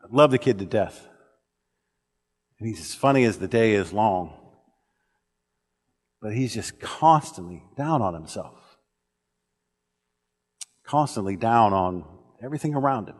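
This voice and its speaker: A man's voice: lowish voice, lively intonation, a little slow, pauses often, slightly rough. Man preaching in an echoing church. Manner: earnest storytelling with frequent restarts. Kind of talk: sermon. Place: church auditorium. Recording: long reverb of a church hall.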